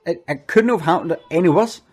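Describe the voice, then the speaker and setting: A man's voice: a little high, expressive, fairly quick, breathy edge, faint music behind. A man voicing an anxious, flustered male event organiser who stammers and repeats his words in an earnest, apologetic way. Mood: rueful. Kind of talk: comic monologue.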